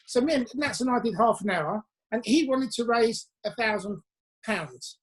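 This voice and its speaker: Chatty English musician telling stories at home. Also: male voice, very high-pitched, lively intonation. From England. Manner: chatty, anecdotal, quick asides. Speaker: musician guest. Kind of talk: casual interview chat. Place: his home.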